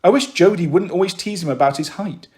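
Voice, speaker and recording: A man narrating a children's novel in steady, clear storytelling. His voice sits high for a man. The reading is paced evenly. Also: quick pace. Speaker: audiobook reader.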